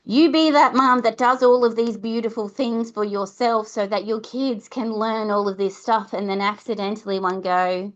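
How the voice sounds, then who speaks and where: A woman's voice: fairly high pitch, fairly even intonation, normal speed, hardly any pauses. Chatty woman, lo-fi. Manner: chatty, warm reassurance, acts out mum-and-child exchanges. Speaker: podcast host. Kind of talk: casual advice talk.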